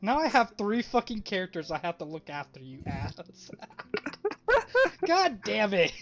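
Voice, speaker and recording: A man's voice: high-pitched, sing-song, unhurried, fairly bright tone, muffled recording, soft background music. A man playing a tabletop game online, talking casually and laughing often, with some swearing. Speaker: player.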